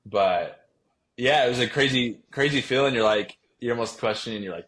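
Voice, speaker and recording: A man's voice: mid-range voice, normal speed, fairly bright tone. A young man, a baseball player, talking casually in an interview, rambling with lots of fillers and restarts. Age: young adult. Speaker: guest, pro baseball player.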